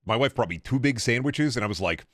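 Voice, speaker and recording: A gaming streamer in his twenties chats casually during a livestream, talking back to his chat while he plays in a rambling, jokey, profane way. His medium-pitched voice is animated, fast, and a bit bright.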